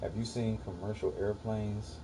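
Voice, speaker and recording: A man's voice: fairly low pitch, level tone, normal speed, background noise. A young man casually livestreaming, arguing with his chat in a profane, dismissive way.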